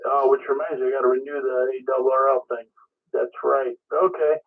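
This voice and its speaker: A man checking in on a ham radio net, talking casually with many halting restarts. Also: mid-range voice, flat delivery. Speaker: caller checking in. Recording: tinny radio transmission.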